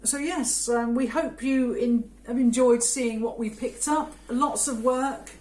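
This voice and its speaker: A woman's voice: fairly high pitch, measured pace, darkish tone. Chatty British woman in an echoey room. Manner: chatty, rambling, lots of ums and giggles. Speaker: co-host reseller. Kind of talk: casual chat to camera. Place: home room indoors. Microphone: phone camera on stand.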